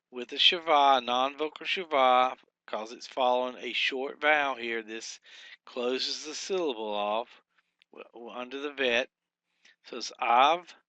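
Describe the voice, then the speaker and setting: Male teacher, bright clear voice, dry close sound; halting delivery with fillers, slow syllable drills. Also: medium pitch, no room sound, highs cut off. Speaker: Hebrew teacher. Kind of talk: recorded grammar lesson.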